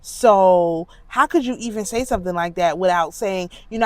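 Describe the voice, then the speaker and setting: A woman talking casually and emphatically in an indignant, animated monologue, with a congested voice. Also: a little high, moderate pace, few pauses, dry recording. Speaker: spiritual commentator.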